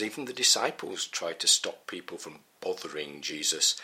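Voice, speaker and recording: A middle-aged man reading a Bible teaching in a measured, earnest way. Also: sits low, pushed and bright. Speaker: preacher.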